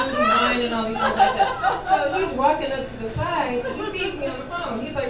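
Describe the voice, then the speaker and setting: A brash woman performs stand-up at a comedy club open mic, her voice sitting a little high and laughing through her punchlines. She is heard from across the room on the stage mic, with heavy echo and loud room noise all around. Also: sing-song, fairly quick, recorded from a distance. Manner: brash, joking, laughing at own lines. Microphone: stage microphone, heard from far in the room.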